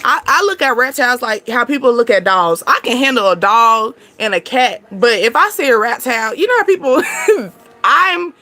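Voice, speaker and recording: A woman giving a relaxed, talkative tarot reading. Her voice sits high and sounds bright. She rambles in an animated way and laughs easily. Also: normal speed. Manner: chatty, laughing, animated storytelling. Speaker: tarot reader. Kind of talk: casual tarot reading monologue.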